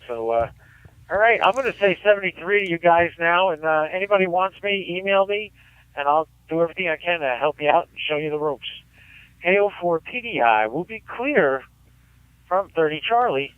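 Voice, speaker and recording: Ham operator on air, a man explaining his gear with enthusiasm, clear voice through a tinny radio link. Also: sits high, expressive, moderate pace, dry recording. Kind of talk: casual radio chat.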